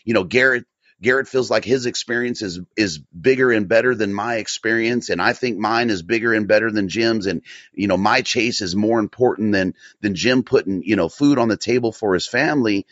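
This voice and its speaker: Low-voiced man telling a profane hunting tale. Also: a little fast, no room sound. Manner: profane, animated, repeats himself. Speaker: podcast guest. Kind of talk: casual storytelling. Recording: dull lo-fi audio.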